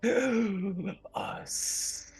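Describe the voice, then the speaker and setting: A man voicing a faceless cloaked shadow creature that questions slowly and menacingly. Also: sits high, a little mellow, pitched above the performer's own voice, exaggerated voice. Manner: slow, drawn-out, interrogating.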